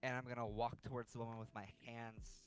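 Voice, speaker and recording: Player, middle pitch, hesitant casual talk. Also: little pitch movement, soft background music. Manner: hesitant, halting.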